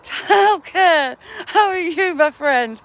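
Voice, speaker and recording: A woman's voice: extremely high pitch, lively intonation, takes it slowly, fairly bright tone. A woman hosting a casual live stream, caught in a helpless snorting laughing fit as she greets viewers by name. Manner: giggly, self-mocking, greets viewers by name. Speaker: livestream host.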